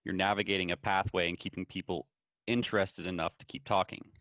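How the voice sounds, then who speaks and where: Male podcast host, low voice, short affirming replies, dry, muffled. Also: level tone, fairly quick, fairly bright tone, no room sound. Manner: brief affirming responses. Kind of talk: casual podcast conversation. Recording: dry, dull audio.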